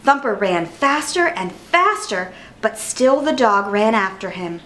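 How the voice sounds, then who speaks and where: A woman reading a children's picture book aloud with clear, expressive narration. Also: mid-range voice, measured pace, low-quality recording. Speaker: storyteller.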